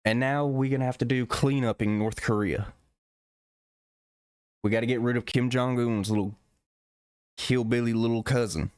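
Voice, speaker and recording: A man rants through a gaming commentary, cursing and exasperated. His voice sits at an ordinary pitch. The recording is dry and close, with no room sound. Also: steady tone, moderate pace, pauses often, a little mellow, clear, resonant tone, no room sound. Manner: profane, exasperated ranting. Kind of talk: ranting video commentary.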